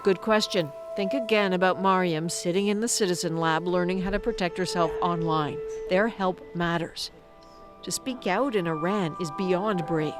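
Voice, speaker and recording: A woman reading a news report voice-over in a measured, serious way. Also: lowish voice. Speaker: news correspondent narrating. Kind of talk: scripted news narration. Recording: voice-over with music bed.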